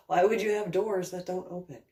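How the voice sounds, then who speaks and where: A woman from New Jersey telling a rambling personal story, laughing often and acting out the dialogue. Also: fairly low pitch. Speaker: vlogger. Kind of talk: casual storytelling.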